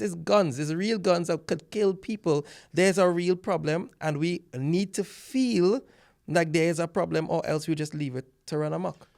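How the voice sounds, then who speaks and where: A man's voice: a little high, moderate pace, creaky. A man speaking in a podcast discussion, earnest and insistent, pressing hard on his points. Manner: earnest, insistent, rising to forceful emphasis. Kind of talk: casual discussion.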